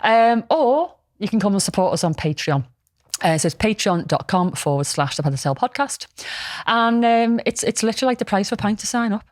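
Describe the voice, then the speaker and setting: A woman co-hosting a podcast, chatting casually at a mid-range pitch. She rambles along in a frank, jokey way, as if talking to a friend. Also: lively intonation, fairly quick, few pauses, dry recording, studio quality. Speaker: podcast co-host.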